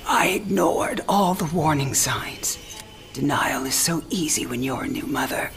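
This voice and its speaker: An actress playing a frail, dying elderly mother, speaking softly in a breathy half-whisper. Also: low-pitched, expressive, unhurried, faint music behind. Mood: tender. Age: older. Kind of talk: game cinematic acting.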